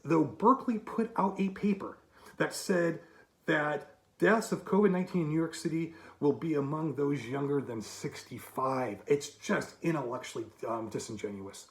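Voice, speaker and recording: A man's voice: a little high, moderate pace. Emphatic man in his fifties, echoey room. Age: 50s. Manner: emphatic, argumentative, rhetorical asides. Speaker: commentator. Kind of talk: monologue to camera.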